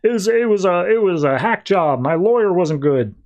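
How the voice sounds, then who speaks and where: A man doing a squeaky whiny robot villain. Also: lively intonation, normal speed, a little mellow, muffled recording. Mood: pleading. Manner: pleading, high and squeaky.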